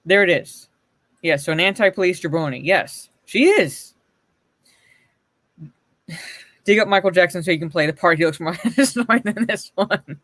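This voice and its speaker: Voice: medium pitch, normal speed, long pauses, fairly bright tone, dry recording, clean studio sound. A livestream host giving blunt, profane, mocking commentary and answering chat messages.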